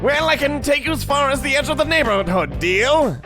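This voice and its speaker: A man's voice: extremely high pitch, sing-song, moderate pace, pitched above the performer's own voice. A man voicing a grimy male velociraptor taxi driver, with a brash street-wise drawl and guitar music behind. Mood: gruff.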